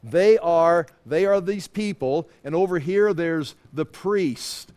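A man's voice: on the high side, takes it slowly, a little mellow. A man in his sixties teaching a Bible study class in a loose, conversational way, full of asides and self-corrections. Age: 60s.

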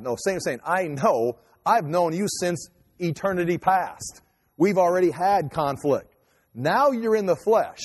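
A man preaching a sermon in a conversational, animated way with quick asides. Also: sits high, slightly rough. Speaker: pastor. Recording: long hall reverb.

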